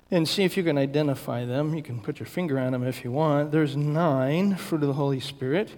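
Pastor preaching in a reverberant church. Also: male voice, a little high, a little mellow. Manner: slow, deliberate listing with emphatic stresses. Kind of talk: sermon. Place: church sanctuary.

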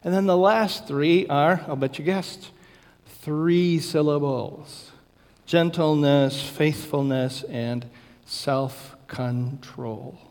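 A man preaching a sermon as pastor, slow and deliberate with emphatic stresses. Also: fairly high pitch, darkish tone. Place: church sanctuary. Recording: church hall reverb.

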